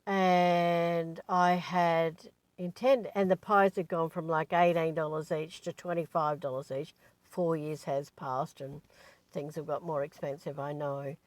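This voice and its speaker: A woman's voice: sits low, steady tone, a little slow, no echo. A woman, a spiritual teacher, talking in a chatty, digressive way, full of asides. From Australia. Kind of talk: casual rambling monologue.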